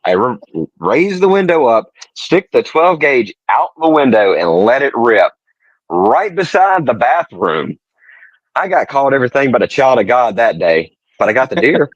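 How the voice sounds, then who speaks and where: A man's voice: medium pitch, big pitch swings, normal speed, no room sound, muffled recording. A man on a casual podcast, cracking dry jokes in a laid-back way. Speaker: podcast co-host. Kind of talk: casual chat.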